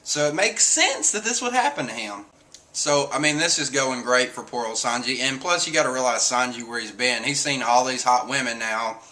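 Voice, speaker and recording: Bright-voiced man chatting casually. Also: medium pitch, normal speed. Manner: animated, swears, acts out quotes. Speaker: streamer reviewing a comic chapter. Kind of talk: casual chat.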